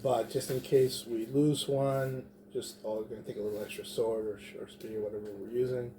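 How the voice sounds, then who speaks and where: A man's voice: mid-range voice, flat delivery, moderate pace, background noise. A man playing a tabletop game, thinking aloud as he plans his moves. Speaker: player.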